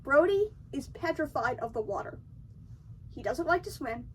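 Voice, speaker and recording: A young woman with a high voice recaps a film in loose, slangy chat, slipping into the characters' lines as she goes. Her mic sits a little way off, so she sounds slightly distant. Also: animated, moderate pace, a little hiss or hum. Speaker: video essayist.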